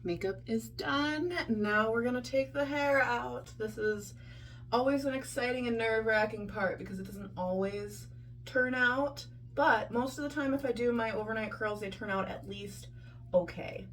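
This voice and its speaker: A woman's voice: a little high, moderate pace, a bit bright, a little hiss or hum. A woman chatting casually in a vlog, chatty and self-deprecating, talking through her day. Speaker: vlogger.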